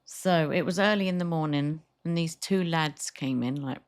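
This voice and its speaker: A middle-aged woman co-hosting a podcast, chatting casually and telling lively stories, acting out what customers said. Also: low voice, normal speed. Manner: chatty storyteller, acts out customers' lines. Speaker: podcast co-host. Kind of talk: casual chat.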